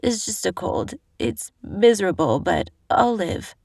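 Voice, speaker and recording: A woman voicing a young woman sick with a cold, speaking weakly and softly. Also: mid-range voice, sing-song, unhurried, gravelly, no echo, studio quality, exaggerated voice. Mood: weary. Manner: weak and soft. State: sick, sniffling.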